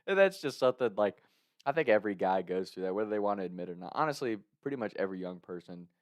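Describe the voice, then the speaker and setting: A young man tells a story in a relaxed, chatty way and breaks into small laughs along the way. His voice sits a bit low, and it sounds close and dry, with no room echo. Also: rapid-fire. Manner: chuckles often while telling a story. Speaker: podcast host. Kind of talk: casual storytelling.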